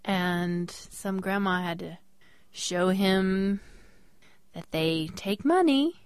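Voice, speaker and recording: A young woman, a mother, co-hosting a casual podcast and telling a story with lively voice changes. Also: very slow, smooth, no echo. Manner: animated storyteller, jumps into high voices when quoting people. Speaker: podcast co-host. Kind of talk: casual chat.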